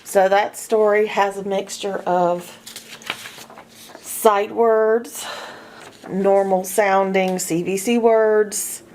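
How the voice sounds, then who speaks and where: A woman guides parents through a reading assessment in an unhurried, deliberate way. She poses checklist questions one at a time and stretches out individual letter sounds. Her voice sits at an ordinary middle pitch for a woman. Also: a little mellow, a little hiss or hum. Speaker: reading teacher for homeschool parents. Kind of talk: instructional walkthrough.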